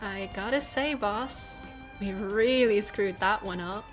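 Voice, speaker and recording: A woman's voice: mid-range voice, slow, faint music behind, natural voice. A woman voicing a loyal, upbeat male police subordinate in a game reading.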